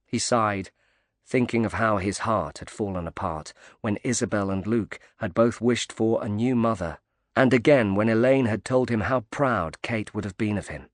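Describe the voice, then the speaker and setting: A male audiobook narrator reading a thriller in a measured, subdued way. His voice sits low and is recorded dry and close. There is no room echo. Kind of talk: scripted narration.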